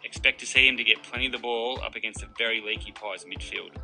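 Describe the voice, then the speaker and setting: A man reading a scripted betting tip in a brisk promotional voice. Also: mid-range voice, steady tone, gravelly, sharp tone, faint music behind, low-quality recording. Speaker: betting tipster. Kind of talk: scripted ad read.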